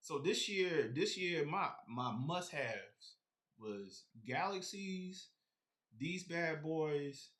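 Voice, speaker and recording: A man's voice: fairly high pitch, lively intonation, extremely slow, fairly bright tone. Rambling man chatting on a live stream. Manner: rambling, talks straight to viewers. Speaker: sneaker collector streamer. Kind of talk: casual live-stream chat.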